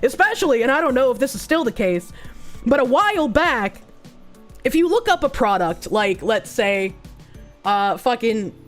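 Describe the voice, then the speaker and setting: A woman's voice: on the high side, sing-song, normal speed, soft background music. A woman streamer reading news aloud and reacting to it in a blunt, profane, sarcastic way, thanking chat for subs between rants.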